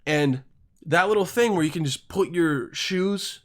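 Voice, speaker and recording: A man's voice: on the high side, a little slow. Crude, rambling man with a raised voice. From Europe. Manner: rambling, crude, swears constantly, self-interrupting. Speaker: podcast host. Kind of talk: casual storytelling monologue.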